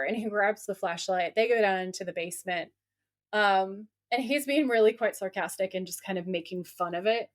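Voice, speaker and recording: A woman co-hosting a podcast, recapping a TV episode in a chatty, animated way with lots of asides. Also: mid-range voice, moderate pace. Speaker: podcast co-host. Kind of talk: casual chat recapping a TV episode.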